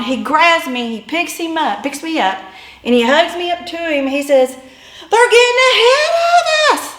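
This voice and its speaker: A woman telling a personal story in an animated way, building to yelps and shouts. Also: high-pitched, roomy sound.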